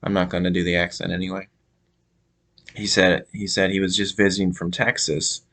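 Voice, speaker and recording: A young man from Minnesota telling a casual story to camera, halting with many fillers and restarts. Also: deep voice, flat delivery, a bit bright. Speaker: vlogger.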